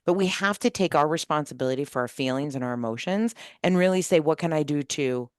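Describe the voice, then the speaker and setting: A woman's voice: deep voice, quick pace, clear, resonant tone, dry recording, clean studio sound. A woman on a podcast panel speaking emphatically about her team, acting out what people say. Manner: emphatic, animated, quotes people in dialogue. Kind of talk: casual panel discussion.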